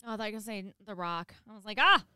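A woman co-hosting a podcast in casual chat, joking and animated. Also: mid-range voice, rapid-fire, clear, resonant tone, dry recording. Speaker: podcast co-host.

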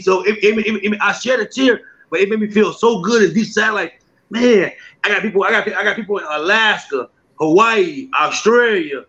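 A man with a high, bright voice tells stories in a relaxed interview, acting out the voices he quotes and laughing often. The recording is slightly muffled and lo-fi. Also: moderate pace. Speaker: comedian and skit maker. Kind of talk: casual interview.

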